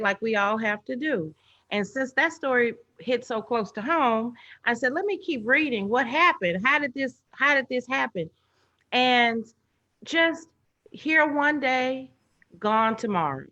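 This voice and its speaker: A middle-aged woman telling personal stories in a casual video chat, acting out the voices of the people she quotes. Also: a little high. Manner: animated storyteller, acts out quoted voices. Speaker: guest. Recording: dull lo-fi online stream audio.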